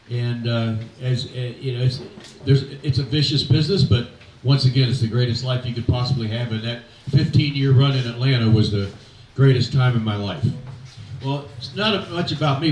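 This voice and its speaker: An older man tells rambling, folksy baseball-life stories, pausing on fillers and acting out what others said. He sounds a bit distant from the mic, with hall reverb and a faint background hiss. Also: mid-range voice. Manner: folksy anecdotes, quoting others in animated voices, halting fillers. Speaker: retired pitching coach telling stories. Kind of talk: after-dinner storytelling speech. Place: event hall.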